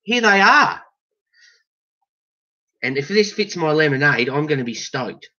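A man's voice: on the high side, very animated, measured pace, pushed and bright. A man with an Australian accent hosting a casual band vlog, jokey and exaggerated, full of slang. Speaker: band member vlogger. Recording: dull lo-fi sound.

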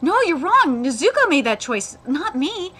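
A woman's voice: high voice, very animated, moderate pace, fairly bright tone, pitched above the performer's own voice. A woman reading aloud the lines of an earnest, humble teenage boy swordsman, in her own everyday voice. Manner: reads manga dialogue aloud in her own voice.

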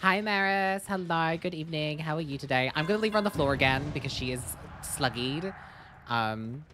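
Bright, lively joking woman streamer. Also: deep voice, fairly quick, slight background noise. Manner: playful, jokey and sing-song. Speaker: gaming streamer. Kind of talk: casual gameplay commentary.

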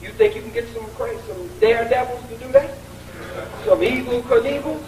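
A man's voice: extremely high pitch, huge pitch swings, normal speed. A man giving a combative, taunting public speech with a preacher-like cadence at a college event. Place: large college lecture hall. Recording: echoey hall recording from far off.

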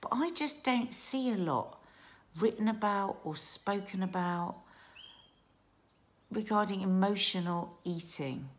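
A middle-aged woman chatting warmly in a casual family vlog, emotional and restarting her sentences as she talks. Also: mid-range voice, lively intonation, slow. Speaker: vlogger. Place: garden outdoors.

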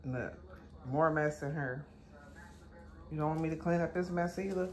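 A woman's voice: low voice, normal speed, a little mellow. A woman vlogging at home, playfully scolding her dog in a casual, colloquial way with bursts of baby talk. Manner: informal, colloquial grammar. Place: home, indoors.

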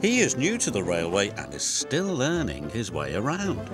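A man giving scripted storybook narration for a cartoon, expressive and gently paced. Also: lowish voice, moderate pace. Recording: music score behind.

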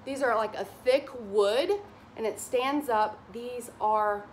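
A woman with a drawl shows off her shopping haul in a casual chat to camera. Her voice sits a bit high, and she gushes over every item in a giddy, excitable rush. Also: slow, slight background noise. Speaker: haul vlogger.

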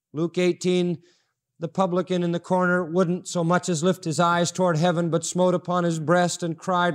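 A man with a notably high voice delivers a sermon from the pulpit. He preaches emphatically, driving points home by repeating short phrases. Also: normal speed. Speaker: pastor. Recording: audio-only sermon recording.

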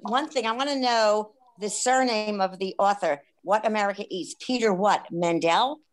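A woman's voice: mid-range voice, moderate pace. A woman attending an online lecture who asks direct, insistent questions over a video call.

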